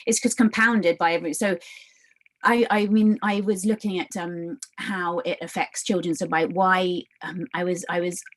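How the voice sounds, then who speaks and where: A woman in her thirties, a guest in an interview, talking in an animated, halting way with many restarts and fillers. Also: lowish voice, rough recording. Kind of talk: conversational interview.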